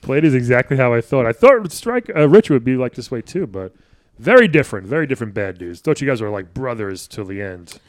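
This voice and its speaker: A man interviewing in a comedy show, asking quick, teasing questions. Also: medium pitch, big pitch swings, no echo.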